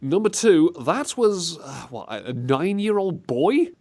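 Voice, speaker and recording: A man's voice: a little high, sing-song, a little slow, a little mellow. A man hosting a comedic community radio show, playful and rambling, often giggling. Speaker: radio host.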